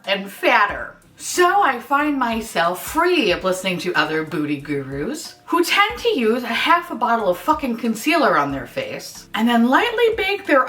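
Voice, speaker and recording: A woman's voice: on the high side, fairly bright tone, distant mic. A woman talking through a casual beauty vlog at home in a put-on Minnesota accent, sarcastic, swearing freely, and poking fun at herself. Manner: sarcastic, profane, self-mocking. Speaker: beauty vlogger. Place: at home in her apartment.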